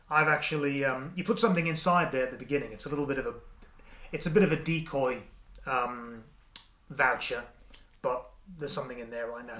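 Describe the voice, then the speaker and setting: A man's voice: mid-range voice, pushed and bright. Chatty Australian man, echoey room. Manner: chatty, self-deprecating, performs patter with raised energy. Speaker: magic product reviewer. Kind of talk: casual product review with demonstration. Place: indoor room, alone at camera.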